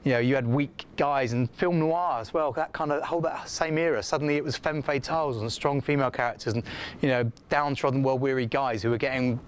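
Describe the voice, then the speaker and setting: Man, classroom lecture, mid-range voice, chatty and lively, faint background hiss. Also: medium pitch, brisk. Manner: chatty, animated, acts out quoted feedback. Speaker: scriptwriting lecturer.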